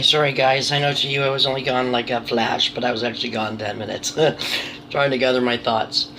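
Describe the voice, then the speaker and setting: A woman's voice: extremely low pitch, creaky, a bit bright, a little hiss or hum. A woman chatting casually to her viewers in a rambling, apologetic, self-deprecating way, swearing now and then. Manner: nervous, apologetic. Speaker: vlogger. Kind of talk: casual chat to camera.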